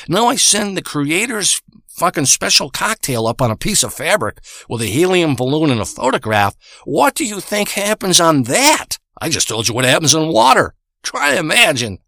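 A man's voice: fairly high pitch, vocal fry, sharp tone, no room sound, clean studio sound. A man in a crude comedic rant, profane, boastful and rambling, stretching out words for emphasis.

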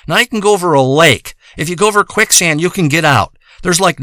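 A man's voice: a little high, bright, forceful tone, no echo, clean studio sound. A man telling a rambling, profane comic monologue, wandering from one tangent to the next. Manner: profane, rambling, meandering storytelling.

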